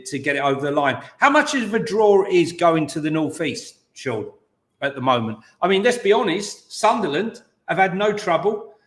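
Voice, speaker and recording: A man co-hosting a football podcast, talking through the news in a relaxed way with plenty of "um" and "look". His voice is a touch high. The room around him sounds echoey. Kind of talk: casual football chat.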